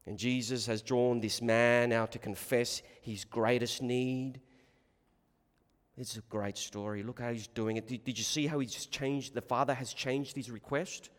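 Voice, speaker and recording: A man preaching a sermon in short, deliberate phrases with long pauses. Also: medium pitch, steady tone, big-room sound.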